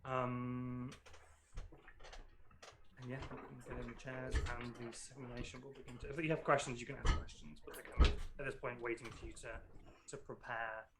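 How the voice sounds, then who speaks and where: A man's voice: medium pitch, flat delivery, normal speed, noisy background. A man narrating as game master in a casual way, with frequent ums and likes.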